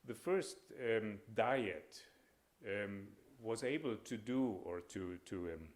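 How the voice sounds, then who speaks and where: A man with a somewhat low-pitched voice delivers an academic lecture as a panel speaker. He talks in a measured, hesitant way, pausing often and filling the gaps as he builds each point. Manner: measured, hesitant, with frequent pauses and fillers.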